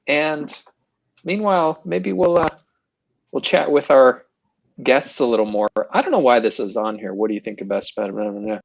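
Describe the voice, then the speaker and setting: A game show host on a video call, upbeat and quick to laugh, running a comedy stream. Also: mid-range voice, gravelly, dull audio. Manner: giggly, upbeat, frequent laughs.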